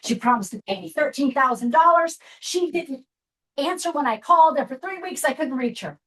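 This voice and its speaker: A woman's voice: sits high, lively intonation, normal speed, fairly bright tone, rough recording. A woman in her fifties from Seattle, telling a candid personal story to a group as guest speaker, with frequent asides. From Seattle, USA. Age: 50s.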